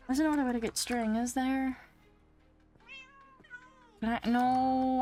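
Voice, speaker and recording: A woman's voice: little pitch movement, takes it slowly, pauses often, warm tone, faint music behind. A young woman hosting a game video, chatting casually and talking back to the game's creatures in a flustered, exclaiming way. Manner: flustered, talks to the game's mobs, swings from exclaiming to low muttering. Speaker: Minecraft let's play host.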